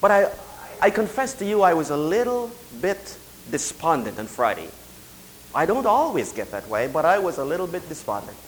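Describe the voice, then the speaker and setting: A middle-aged man preaching a sermon in a notably high voice. He talks in a quiet, confiding way when telling a story, then slows down to stress each phrase as he proclaims. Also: very animated, slight background noise, poor audio. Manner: swings from quiet confiding to slow emphatic declaration. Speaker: pastor.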